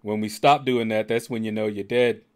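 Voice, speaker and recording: A man's voice: fairly low pitch, fairly even intonation, normal speed, darkish tone. Laid-back middle-aged man, dry humor. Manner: laid-back, dryly joking. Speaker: streamer hosting a gaming channel. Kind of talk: casual chat on a game stream.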